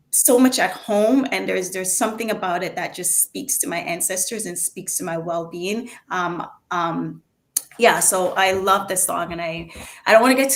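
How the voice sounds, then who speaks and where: A woman's voice: lowish voice, gravelly. A woman from Jamaica with a Jamaican accent, co-hosting a live online talk and speaking in an earnest, reflective way with many fillers. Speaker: live show co-host sharing a song.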